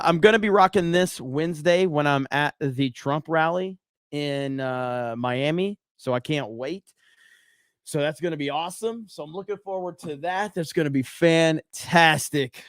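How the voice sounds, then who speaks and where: A man hosting a casual livestream show, excitedly greeting and hyping up his viewers. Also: a little high, normal speed, smooth, no echo, studio quality. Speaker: podcast host.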